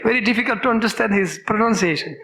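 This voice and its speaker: Guy telling stories in a temple talk, high bright voice, lots of fillers. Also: quick pace, low-quality recording. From Russia. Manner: chatty, many fillers and repetitions, laughs often. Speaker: temple speaker. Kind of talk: storytelling religious lecture. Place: temple cultural center hall.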